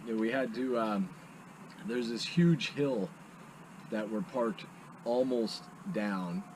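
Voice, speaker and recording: A man's voice: mid-range voice, slow, darkish tone, slight background noise, poor audio. A young man co-hosting a casual vlog, joking and explaining things. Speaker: vlog co-host. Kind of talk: casual chat.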